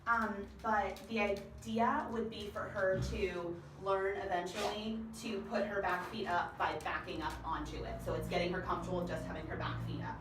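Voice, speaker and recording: A woman's voice: mid-range voice, brisk. A young woman casually teaching dog training with her own dog, talking in an easy, chatty way with frequent ums. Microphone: far camera mic. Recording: roomy, distant, noisy home video.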